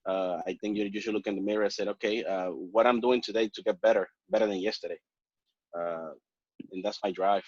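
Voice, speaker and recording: Low-voiced earnest man. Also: steady tone, a little mellow, dry recording, lo-fi sound. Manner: earnest, halting phrasing with frequent "uh". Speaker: podcast guest. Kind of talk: casual podcast conversation.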